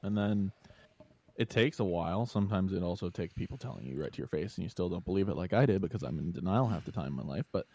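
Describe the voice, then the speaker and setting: A man's voice: low voice, expressive, fast, mellow, husky. A man in a casual podcast chat, speaking reflectively and searching for his words.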